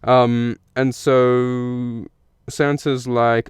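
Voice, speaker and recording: Low-voiced, chatty man podcasting. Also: normal speed, a little mellow, clear, resonant tone, dry recording, studio quality. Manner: chatty, with many fillers and restarts. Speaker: podcast host. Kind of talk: casual chat about a book.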